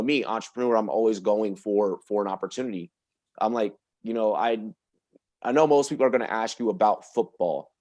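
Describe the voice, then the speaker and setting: A man telling a long story on a podcast in a loose, profane, animated way, often laughing through it. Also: lowish voice. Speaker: podcast guest. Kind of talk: casual storytelling.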